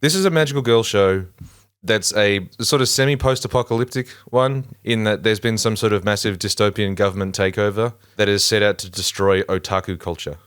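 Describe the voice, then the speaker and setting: Animated lower-voiced man podcast co-host. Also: fairly quick, clear, resonant tone. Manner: laughing, animated, stammering restarts. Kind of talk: casual chat.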